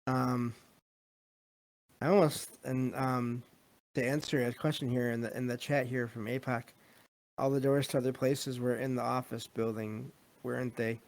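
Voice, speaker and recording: A man's voice: mid-range voice, little pitch movement, moderate pace. Man casually reviewing a movie. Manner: rambling, many fillers, reads live chat. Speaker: podcast host.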